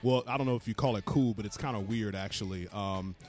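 A man's voice: on the low side, quick pace, a little mellow, soft background music. A man presenting a casual news rundown on a talk show in an easygoing manner.

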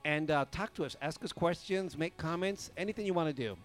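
A man's voice: a little high, a little fast, faint music behind. Upbeat male podcast co-host. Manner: upbeat, reads out listener messages. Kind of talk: casual podcast chat.

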